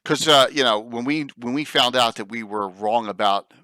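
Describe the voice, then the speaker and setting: A man's voice: mid-range voice, normal speed, pushed and bright, clean tone, no room sound. A man with a South Jersey accent hosting a casual panel chat, enthusiastic and chatty. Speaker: host.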